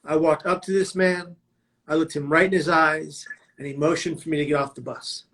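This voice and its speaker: In a slightly high, somewhat bright voice with a steady tone and normal speed, a man narrates his life as a prevention speaker. The telling is dramatic and vivid, with quoted lines he hits hard.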